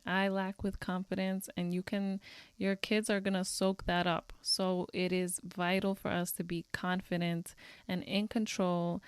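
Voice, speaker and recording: A woman's voice: medium pitch, clear, resonant tone, no echo. A woman co-hosting a parenting podcast, upbeat and earnest as she sums up takeaways for listeners. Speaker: podcast co-host. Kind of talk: casual podcast chat and recap.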